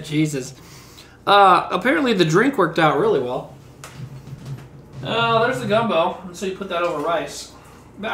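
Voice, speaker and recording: A man's voice: high voice, a bit bright, echoey room, a little hiss or hum. A man casually chatting on a livestream, reading out chat and cracking crude jokes while he eats. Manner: loose, crude jokey banter while eating.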